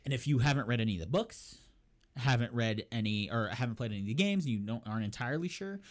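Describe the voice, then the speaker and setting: Animated man retelling a movie. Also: mid-range voice, fast talker. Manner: rambling storytelling, profane, laughing at own jokes. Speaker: podcast co-host. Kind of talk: casual chat.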